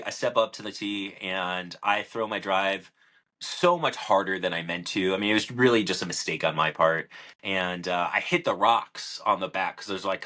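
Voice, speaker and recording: A man's voice: sits low, pushed and bright. A young man co-hosting a podcast, telling a long story in casual chat, with many fillers and restarts. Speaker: podcast co-host.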